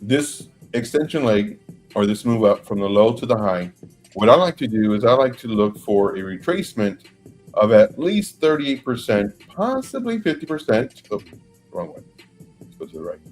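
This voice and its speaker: A man explaining a price chart on a livestream in a measured, hesitant way, with frequent fillers. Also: on the low side, sing-song, darkish tone, soft background music. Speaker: crypto chart analyst co-host.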